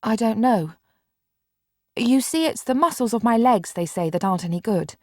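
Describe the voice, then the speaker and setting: A woman's voice: on the high side, lively intonation, normal speed, darkish tone, no echo, clean studio sound. Curt bedridden boy read by a woman. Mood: impatient. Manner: curt, exasperated. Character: bedridden boy, impatient and grudging. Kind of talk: audiobook character reading.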